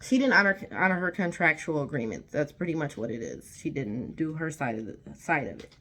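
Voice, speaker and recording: Low-voiced woman venting in a storytime vlog. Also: big pitch swings, a little fast, a bit bright. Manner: emphatic, indignant, repetitive. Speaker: vlogger. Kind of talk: storytime rant to camera.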